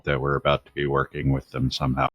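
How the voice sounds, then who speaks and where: A man's voice: very deep voice, completely flat delivery, fast talker, fairly bright tone, no echo. A man playing in an online tabletop game, asking questions and chatting casually with hesitant restarts, over a voice call. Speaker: player. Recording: dull, dry voice-call audio.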